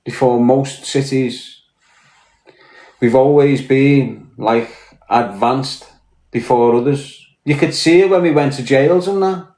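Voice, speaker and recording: A man's voice: mid-range voice, slow pace, darkish tone. Blunt Scouse man in an echoey room. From Liverpool, England. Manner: blunt, swearing, confrontational. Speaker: podcast host. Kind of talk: casual live-stream rant.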